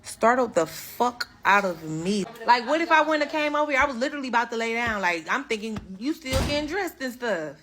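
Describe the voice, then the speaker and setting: A woman telling a casual storytime anecdote in a rattled, swearing, excited way. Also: on the high side, brisk, hardly any pauses.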